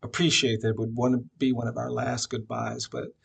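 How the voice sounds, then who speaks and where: Man, gravelly voice, mid pitch, reflective storytelling, halting with fillers, memorial tribute. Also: level tone. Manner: reflective, unhurried, frequent "uh" fillers. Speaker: memorial speaker.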